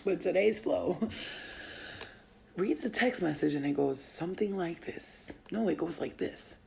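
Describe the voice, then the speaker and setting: A woman's voice: lowish voice, lively intonation, a little slow, gravelly, a little mellow. A woman vlogger and mother telling a story in a casual, profane way, laughing often. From Albanian family.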